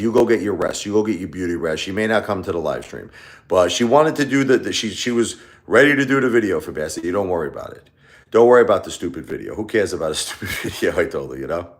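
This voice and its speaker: A man hosting a casual live stream, talking in a rambling, repetitive way and lashing out at his critics. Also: deep voice.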